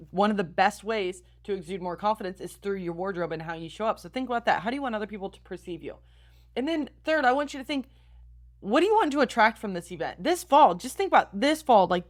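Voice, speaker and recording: An upbeat young woman hosts a motivational podcast. She talks straight to her listeners and coaches them along with plenty of encouragement. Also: medium pitch. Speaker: podcast host and style coach.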